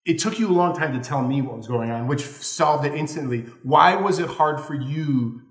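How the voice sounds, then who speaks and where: A man's voice: a little high, expressive, moderate pace. A young man in a candid conversation with his wife, earnest and asking her follow-up questions. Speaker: co-host of a couples channel. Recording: echoey room.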